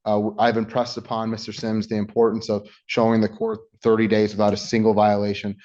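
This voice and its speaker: A man's voice: fairly low pitch, completely flat delivery, fairly quick, darkish tone. A man arguing formally as a defense attorney in court, with stumbling restarts along the way. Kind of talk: courtroom argument. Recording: dull lo-fi courtroom audio.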